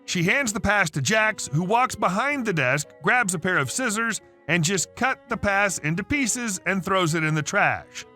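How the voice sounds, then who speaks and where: Bright, high-voiced male story narrator. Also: expressive, measured pace, few pauses, faint music behind. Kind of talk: reading a story aloud.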